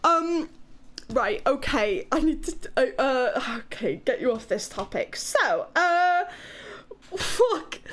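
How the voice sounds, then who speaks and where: A woman from Wales with a British accent, chatting casually and excitably on a live stream, giggling and swearing as she reacts to chat. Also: high-pitched, takes it slowly. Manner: giggly, excitable, swears a lot, playful exclamations.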